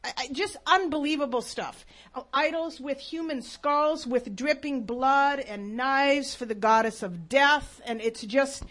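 Lady preaching, tells a story, earnest and emphatic, fairly high voice. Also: unhurried, a bit bright. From United States. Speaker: speaker. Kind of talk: storytelling sermon.

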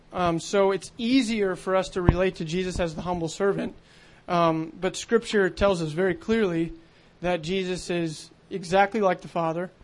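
Earnest high-voiced male preacher. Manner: earnest, conversational preaching with many fillers. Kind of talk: sermon.

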